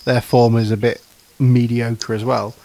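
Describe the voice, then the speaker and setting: Gravelly man, chatty co-host. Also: mid-range voice, little pitch movement, a little slow, a little mellow. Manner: chatty, laughs often, hesitant fillers. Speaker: podcast co-host. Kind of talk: casual football chat.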